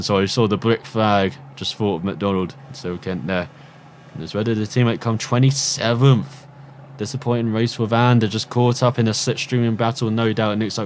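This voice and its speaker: A man's voice: fairly low pitch, slight background noise. Man calling a video game race. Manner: excited commentary on the race, then relaxed rambling results rundown. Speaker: gaming commentator. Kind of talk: mock race commentary over gameplay.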